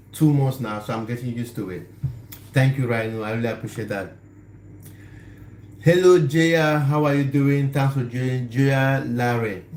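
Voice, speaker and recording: A man's voice: medium pitch, darkish tone. A man hosting a casual live stream, chatting and laughing easily as he greets viewers. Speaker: livestream host. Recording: echoey room, faint background noise.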